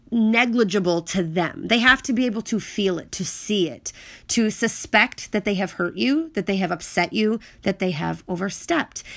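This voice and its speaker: A woman's voice: medium pitch, fairly bright tone. A woman talking earnestly about setting boundaries, emphatic and repeating key phrases for weight. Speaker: speaker on personal growth. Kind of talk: reflective monologue.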